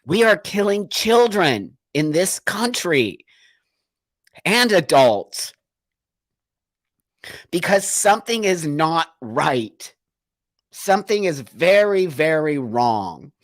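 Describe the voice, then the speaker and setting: A man's voice: a little high, very animated, slow pace, long pauses, dry recording. Earnest man asking urgent questions. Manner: earnest, emotional, full of repeated rhetorical questions. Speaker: livestream host. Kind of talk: impassioned livestream monologue.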